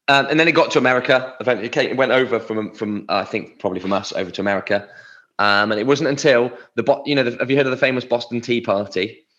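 A man's voice: mid-range voice, quick pace, fairly bright tone, dull audio. A man co-hosting a podcast, chatting casually and rambling through word origins. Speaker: podcast co-host. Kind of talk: casual chat.

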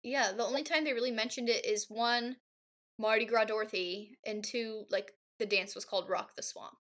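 Bright playful woman podcast co-host. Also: on the high side, fairly even intonation, normal speed. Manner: playful, jokey, lots of "like". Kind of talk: casual chat recapping a movie.

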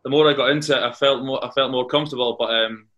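Speaking fast in a mid-range, slightly bright voice with fairly even intonation, a man from Carnoustie, Scotland, guests on a casual podcast. The former footballer's anecdotes ramble, with repeated words and frequent restarts.

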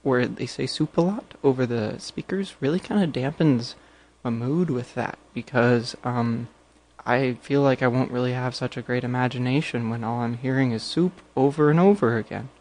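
Male podcast co-host, casual, meandering delivery, mid pitch. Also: moderate pace, a little mellow. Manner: rambling, full of fillers and hedges. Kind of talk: casual chat.

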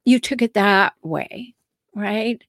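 A woman's voice: mid-range voice, slow, a bit bright, no room sound, clean studio sound. A woman relationship coach hosting her own show, talking straight to the listener and often asking rhetorical questions. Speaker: relationship coach and podcast host. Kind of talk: solo advice monologue.

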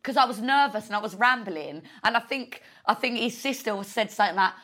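A young woman in casual chat, talking fast and rambling with jokes. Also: mid-range voice, expressive, a bit bright. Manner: chatty, rambling, jokey. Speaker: reality show lead.

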